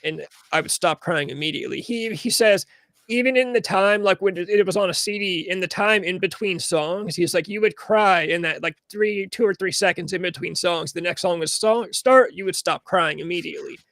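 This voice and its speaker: A laid-back man chatting on a podcast and sharing rambling music stories. His voice sits a bit high and carries a gravelly fry. The sound is dry and close. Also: moderate pace, a bit bright, dry recording. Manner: laid-back, laughs along, rambling anecdotes. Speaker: podcast co-host. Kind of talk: casual chat.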